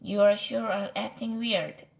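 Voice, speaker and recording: A woman voicing a sharp, bossy little girl who teases her big brother in a matter-of-fact way, read aloud from a storybook. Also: medium pitch, fairly even intonation, unhurried, vocal fry. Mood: teasing.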